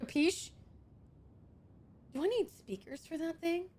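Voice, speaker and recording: A woman streamer chatting casually with her viewers, excitable and swearing a lot, with loud outbursts. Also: very high voice, a little slow. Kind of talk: casual live-stream chat.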